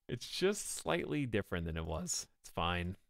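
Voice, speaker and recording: A man streaming a game live, reacting excitably and bantering with his chat. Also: low voice, vocal fry, no echo, clean studio sound.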